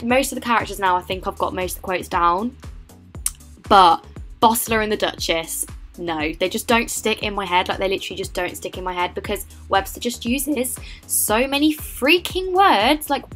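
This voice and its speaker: A teenage woman with an English accent narrating a casual study vlog, chatty and animated with lots of filler words. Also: mid-range voice, moderate pace, faint music behind. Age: late teens. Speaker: vlogger.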